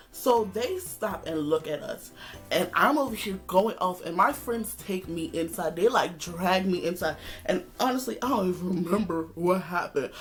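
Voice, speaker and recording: A woman vlogger tells a story straight to the camera, animated and sassy, and acts out every quote. Her voice sits at a middle pitch. Faint music plays underneath. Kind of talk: casual storytime vlog.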